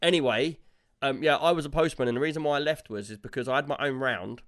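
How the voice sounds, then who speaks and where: A man's voice: medium pitch, fast. A British man in casual banter, a chatty co-host who rambles through stories and laughs often. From United Kingdom.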